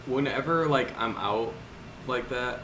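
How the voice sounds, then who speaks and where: A man's voice: mid-range voice, unhurried. A young man in his twenties in casual chat, hesitant, mostly chiming in with short reactions. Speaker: podcast co-host. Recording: echoey room with background noise.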